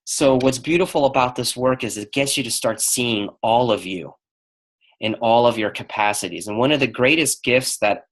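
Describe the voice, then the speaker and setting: A man's voice: mid-range voice, moderate pace. A middle-aged man telling a personal story on a call, acting out the lines of the people in it. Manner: animated storyteller acting out quoted dialogue. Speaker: speaker on a call.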